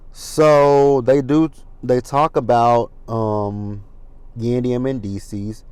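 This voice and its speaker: A man's voice: fairly low pitch, a little mellow, no room sound. A man hosting a casual reality TV recap, talking in a chatty, gossipy way with asides and profanity. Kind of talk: casual chat commentary.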